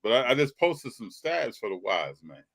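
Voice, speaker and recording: A podcast host runs a live sports and trading card show, chatting casually and greeting viewers by name. His medium-pitched voice is very animated and fairly bright, with vocal fry, and he keeps a moderate pace.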